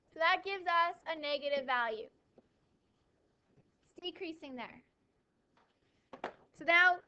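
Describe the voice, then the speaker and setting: Bright-voiced woman teaching math. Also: very high-pitched, muffled recording, a little hiss or hum. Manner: lively, asks questions and answers them herself, dry sarcasm. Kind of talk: classroom lecture.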